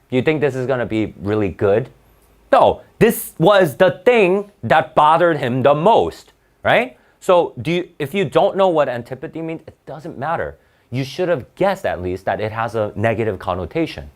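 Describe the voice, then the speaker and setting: A young man tutoring for the SAT, reading a passage aloud and explaining it in a casual, blunt way, full of rhetorical questions and fillers. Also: mid-range voice.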